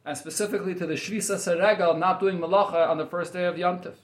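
Male teacher, high voice, reads then explains line by line; roomy echo. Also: fairly even intonation, fast. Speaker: Torah teacher. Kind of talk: text study class, reading Yiddish and explaining in English.

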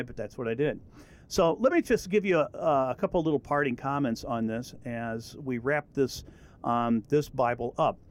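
A middle-aged man giving a relaxed, rambling Bible lesson with many fillers and restarts. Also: a little high. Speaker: Bible teacher. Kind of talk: casual recorded lesson.

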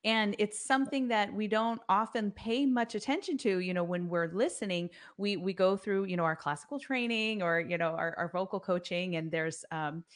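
A woman's voice: mid-range voice, normal speed, few pauses. A woman hosting a singing podcast, talking enthusiastically with frequent ums. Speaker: podcast host and singing coach. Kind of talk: casual interview chat.

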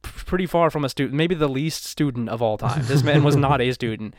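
A man's voice: mid-range voice, fairly quick. Male podcast co-host, casual jokey chat, rambles and restarts. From Columbus, Ohio area. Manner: rambling, jokey, self-interrupting.

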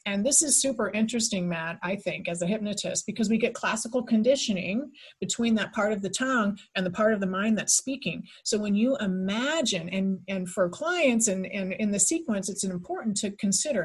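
A woman guest on a podcast, explaining relaxation steps in a soft, slow, hypnotic guiding manner. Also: medium pitch, expressive, slightly rough. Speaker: podcast guest, teacher of mental techniques. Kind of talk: podcast conversation.

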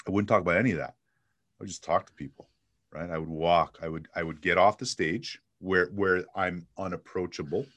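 A man with a very low, deep voice chats through an interview. He tells stories with energy and slips into acted-out dialogue as he goes. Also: moderate pace, no echo. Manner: energetic storyteller, acts out dialogue. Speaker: sales trainer and guest. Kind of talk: casual interview talk.

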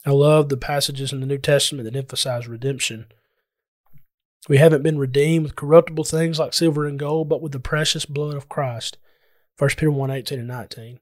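A man's voice: mid-range voice, fairly even intonation, no echo. Earnest preaching man, dry close sound. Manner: earnest preaching with slow emphatic scripture quotes. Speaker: pastor. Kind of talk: sermon.

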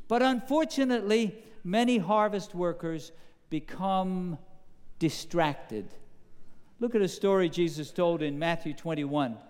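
A man preaching a sermon, posing questions to the congregation in an animated, emphatic way. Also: on the high side, smooth, long reverb tail. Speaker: pastor.

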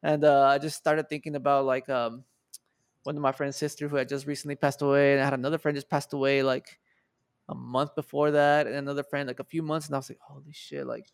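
This man in his twenties from Mexico guests on a podcast, casually retelling a story full of swearing and acted-out quotes. He's a fast talker with a clean, medium-pitched voice, recorded in studio quality without echo.

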